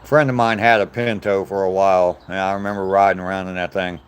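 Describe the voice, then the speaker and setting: Low-voiced older American man rambling. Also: steady tone, fast talker, smooth. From United States. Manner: rambling, jokey, laughs at own stories. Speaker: live-stream host. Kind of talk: casual chat with live chat viewers. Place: outdoors on a walk.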